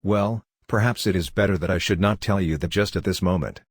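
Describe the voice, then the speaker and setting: Secretive, insistent middle-aged colonel, read by a man in a low, dry voice. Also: brisk, slightly rough, no room sound. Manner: insistent, probing.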